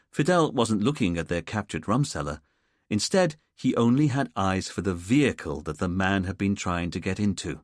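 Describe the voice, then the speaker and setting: A man narrating a mystery audiobook in an expressive storytelling manner. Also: low voice, no room sound. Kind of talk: scripted narration. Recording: dry close studio sound.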